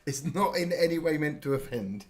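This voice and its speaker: A man's voice: fairly high pitch, expressive, moderate pace. A British man hosting a live reaction stream, chatting casually, explaining slang and swearing freely as part of his everyday speech. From United Kingdom.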